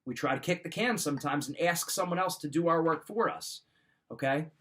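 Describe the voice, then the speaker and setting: A middle-aged man with a slightly raised pitch gives a motivational coaching talk. He speaks in a firm, emphatic, direct way. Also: fairly quick, a bit bright. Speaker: wrestling mindset coach.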